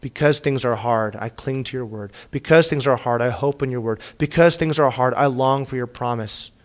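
A man's voice: medium pitch, moderate pace. A man preaching a sermon in an earnest way, often repeating words as he restarts, and rising to a pleading tone when he reads scripture aloud. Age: young adult or middle-aged, has children. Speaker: pastor.

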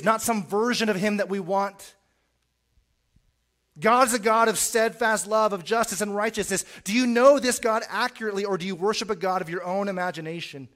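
Earnest man preaching a sermon. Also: sits high. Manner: earnest, preaching with sudden loud rises and quiet drops; repeats words at the start of phrases.

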